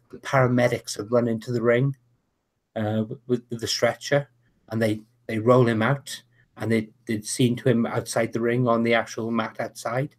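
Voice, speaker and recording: A man running a tabletop wrestling game as game master, narrating with many restarts and fillers over an online call. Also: mid-range voice. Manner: halting, full of restarts and "uh". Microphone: online video call.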